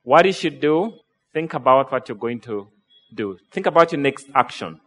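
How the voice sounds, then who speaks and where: A man's voice: medium pitch, expressive, moderate pace, fairly bright tone. A man preaching a sermon in a conversational style, often asking rhetorical questions. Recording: long hall reverb.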